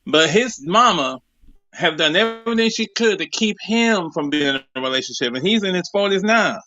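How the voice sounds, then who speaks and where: A man's voice: high-pitched, expressive, normal speed, pushed and bright, dull audio. A man in his forties calling into a live show, talking casually and animatedly with laughs. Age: 40s. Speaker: caller. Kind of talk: casual chat.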